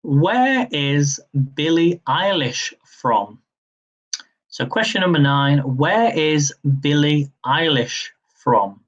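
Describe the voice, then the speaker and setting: Young guy running a live quiz, talks real slow, says every question twice, kinda dull lo-fi sound. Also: fairly high pitch, animated. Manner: slow, repeats each question, chatty asides. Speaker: quiz host.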